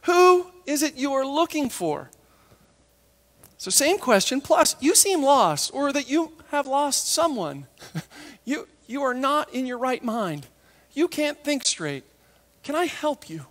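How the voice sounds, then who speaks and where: Animated woman preaching in an echoey hall. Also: high voice. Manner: lively and conversational, acting out the disciples and Mary in quick asides. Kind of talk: sermon.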